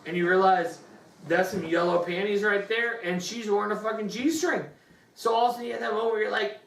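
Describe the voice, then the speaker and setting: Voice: mid-range voice, fairly quick. Crude, rambling movie reviewer. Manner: rambling, crude, animated storytelling. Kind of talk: comedic movie review chat. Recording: roomy room, distant mic.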